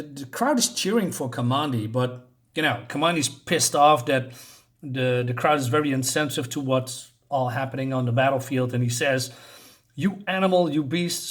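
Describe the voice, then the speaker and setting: A man casually reviewing a comic book, paging through it while pausing often to search for words. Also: medium pitch. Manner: halting, searches for words, many fillers.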